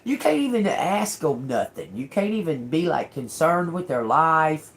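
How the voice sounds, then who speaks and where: A woman with a somewhat low voice reads tarot for her viewers in a loose, conversational way. She talks bluntly and with emphasis, curses freely and keeps asking "okay?" to make sure the point lands. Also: big pitch swings, measured pace, a little hiss or hum. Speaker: tarot reader. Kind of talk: casual tarot reading to viewers.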